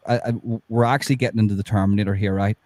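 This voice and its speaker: Swearing man, dark dry voice. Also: lowish voice, fairly even intonation, rapid-fire, no echo. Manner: heated, swears a lot, restarts and laughs. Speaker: podcast co-host. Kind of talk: casual true-crime chat.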